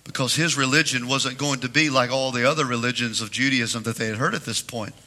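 A man preaching a sermon as pastor in a church, with a rhythmic, repetitive cadence that swings between loud emphatic peaks and low near-whispers. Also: fairly even intonation, a little fast. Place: church sanctuary.

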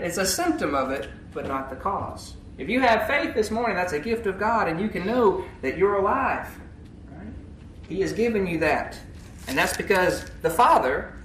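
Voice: mid-range voice, fairly bright tone. A preacher giving an emphatic sermon, often checking in with the congregation. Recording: echoey room, faint background noise.

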